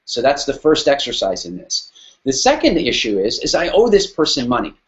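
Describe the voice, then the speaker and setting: A man's voice: mid-range voice, big pitch swings, normal speed, muffled recording. Emphatic man telling a business story. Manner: emphatic, repeats phrases for effect. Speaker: business speaker.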